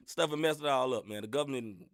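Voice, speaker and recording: A man's voice: mid-range voice, a little fast, dry recording, studio quality. A man co-hosting a sports podcast, ranting in casual slang and laughing often, a bit under the weather with a sinus infection. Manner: animated, laughing rants full of slang. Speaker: podcast co-host. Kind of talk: casual sports-show chat.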